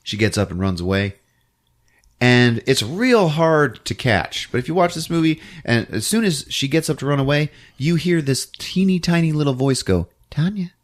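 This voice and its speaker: A man hosting a podcast, recapping a movie as an animated storyteller who laughs often. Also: medium pitch, moderate pace. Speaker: podcast host.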